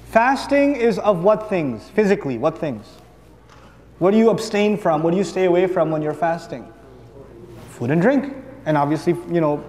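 High-voiced man preaching in a hall. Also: darkish tone. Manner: conversational, humorous, rhetorical questions to the audience. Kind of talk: sermon.

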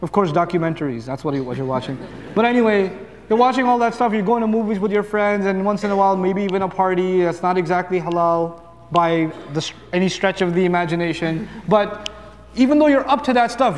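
A man with a notably high voice preaches in a long-echoing hall. He talks easily, cracks jokes, and keeps asking the crowd questions. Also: brisk, slight background noise. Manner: conversational, humorous, rhetorical questions to the audience. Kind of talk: sermon.

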